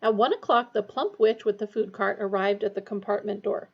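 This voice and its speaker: A woman reading a storybook aloud in a steady, expressive way. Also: mid-range voice, fairly quick, gravelly, lo-fi sound. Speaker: audiobook reader. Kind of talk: storybook narration.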